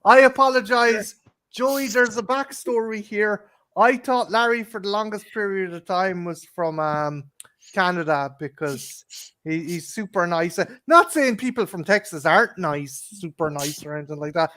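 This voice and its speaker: A man's voice: high-pitched, moderate pace, bright, forceful tone. Rambling, foul-mouthed Irish man. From Ireland. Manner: rambling, swears a lot, often laughs mid-sentence. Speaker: co-host. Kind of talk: casual chat.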